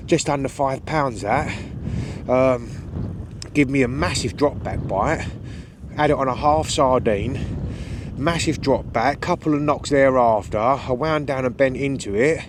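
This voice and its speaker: A man chatting casually to viewers as he talks them through his fishing, outdoors on an open beach at night. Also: medium pitch. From United Kingdom. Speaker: angler vlogger. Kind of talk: casual chat to camera. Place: open beach at night in strong cold wind. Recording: heavy wind noise on the mic.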